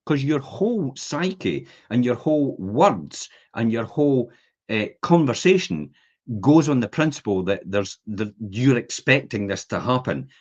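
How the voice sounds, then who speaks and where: A man's voice: on the low side, a little mellow, slightly rough. A man, hosting a podcast and chatting casually, acting out the voices in his anecdotes. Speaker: podcast host. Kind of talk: casual chat. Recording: dull lo-fi podcast audio.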